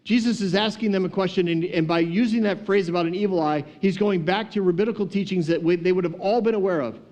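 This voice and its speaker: A man teaching on a casual podcast, retelling a story in a lively, humorous, conversational way. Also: sits high, fast.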